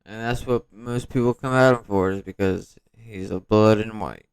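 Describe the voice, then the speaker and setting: A man's voice: fairly low pitch, normal speed, smooth, dry recording. A man hosting a reaction video, commenting casually in street slang. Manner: casual, street slang, asks questions aloud.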